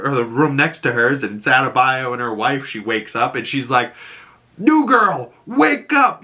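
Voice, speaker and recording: A man with a Boston accent, hosting a casual recap of a TV episode. He talks in an animated way, laughs often, and jumps into high put-on voices when he quotes characters. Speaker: YouTube show host.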